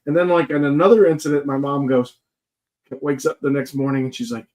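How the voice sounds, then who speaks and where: A man's voice: medium pitch, brisk, darkish tone. A man telling ghost stories in casual chat as a guest paranormal investigator, joking and rambling with many fillers.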